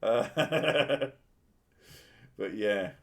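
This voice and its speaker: A man's voice: fairly low pitch, lively intonation, extremely slow, creaky, a bit bright. A man streaming, chatting casually with a profane, joking manner and frequent laughter. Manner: profane, jokey, laughs often. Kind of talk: crude casual chat.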